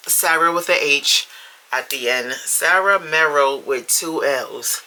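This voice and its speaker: A woman's voice: low-pitched, slow pace, sharp tone, rough recording. A woman, talking casually to camera at home in a vlog, chatty and playful, laughing as she goes. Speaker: vlogger. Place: home room with the heat running.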